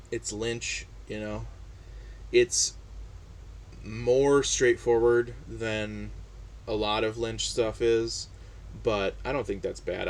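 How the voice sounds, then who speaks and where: A man's voice: fairly low pitch, gravelly, a little hiss or hum. A man chatting casually on his own, hesitant and full of fillers and restarts. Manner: relaxed, chatty. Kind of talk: casual personal monologue.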